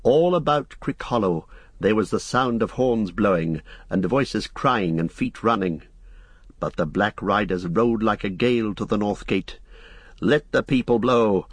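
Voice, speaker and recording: A man narrating an audiobook in a measured, even storytelling manner. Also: on the low side, husky, no echo. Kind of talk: scripted narration.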